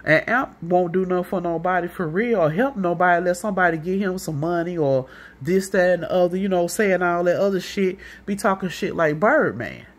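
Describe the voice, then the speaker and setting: A woman vlogger with a St. accent tells a long, meandering, profanity-filled story in a casual monologue, acting out what other people said. Her voice sits on the lower side and moves fairly quickly.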